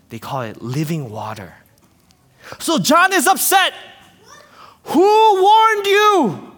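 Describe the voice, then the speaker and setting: A man preaching a lively sermon to a congregation with kids, animated and jokey with playful asides. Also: mid-range voice, in a large hall. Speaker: pastor.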